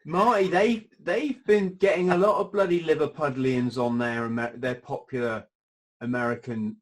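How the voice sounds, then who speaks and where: A man's voice: on the high side, steady tone, normal speed. Chatty male podcast host. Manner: chatty, wanders into asides, casual swearing. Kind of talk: casual interview chat.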